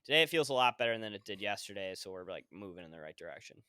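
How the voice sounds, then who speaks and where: Man, 20s, podcast co-host, bright crisp voice, laid-back storyteller, swears a lot. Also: fairly low pitch, animated, rapid-fire, no echo, clean studio sound. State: injured foot, hobbling. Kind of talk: casual podcast chat.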